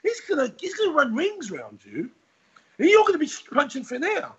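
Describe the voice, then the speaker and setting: A man voicing his tough male boxing trainer, who shouts orders with insistent urgency and a husky edge. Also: extremely high pitch, wildly swooping pitch, fairly quick, lo-fi sound, pitched above the performer's own voice, full character voice. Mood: barking. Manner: barking, insistent, drill-sergeant urgency.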